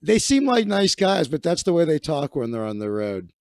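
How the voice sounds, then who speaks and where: A man's voice: fairly high pitch, very animated, moderate pace, creaky, a little mellow, dry recording. Crude rambling male livestream host. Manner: rambling, profane, riffing with many restarts. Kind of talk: crude comedic livestream banter. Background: faint music playing.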